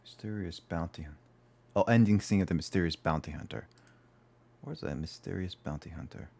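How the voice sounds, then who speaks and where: A man's voice: deep voice, fairly quick, creaky. A man streaming a video game, chatting casually and rambling, correcting himself as he talks. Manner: rambling, self-correcting, animated. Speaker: gaming streamer. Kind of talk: casual livestream chat.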